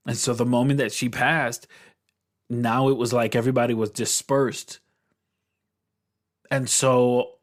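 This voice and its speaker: A man speaks with earnest warmth of purpose in a middle-pitched voice, talking straight to his listeners like a coach. He presses his points by saying them twice. It is heartfelt motivational podcast talk. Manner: earnest, encouraging, repeats key phrases.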